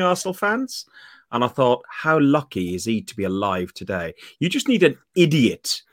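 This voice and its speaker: A man hosting a casual football podcast over a call, telling a rambling story full of ums and pauses. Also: lowish voice, fairly bright tone. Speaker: podcast host.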